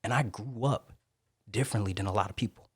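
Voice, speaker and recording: A young man from Detroit, a Marine and motivational speaker, telling his story as a podcast guest in a lively, acted-out way. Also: lowish voice, quick pace, breathy edge, no echo, clean studio sound. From Detroit, Michigan. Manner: animated storyteller who acts out quoted voices.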